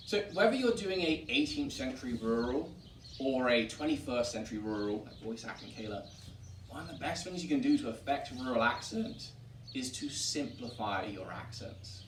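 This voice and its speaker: A man's voice: medium pitch, a little hiss or hum. English guy from wiltshire explaining accents, heard from across an echoey room. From Wiltshire, England. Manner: explains and demonstrates accents with lively put-on examples. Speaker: historic site director. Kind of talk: casual teaching chat. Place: historic tavern room. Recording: roomy distant mic, faint ambience.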